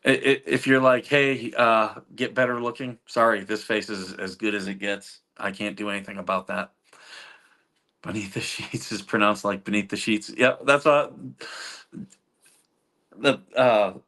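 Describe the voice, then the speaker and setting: A middle-aged man with a mid-range, sharp-toned voice hosts a livestream, reading chat and chatting casually. He rambles through stories, chuckling frequently and using many fillers.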